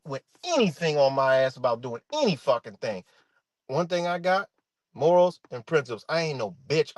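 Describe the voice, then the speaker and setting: Man, middle-aged, profane livestream rant, animated swings in pitch, dry close sound. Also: no room sound. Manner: animated, swearing, addresses viewers as y'all.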